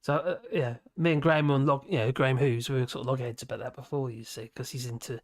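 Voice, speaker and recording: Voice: mid-range voice, a little fast, dry recording, studio quality. A livestream host, chatting casually and reading viewer comments in a rambling way, with many restarts and fillers. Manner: laughs often between remarks.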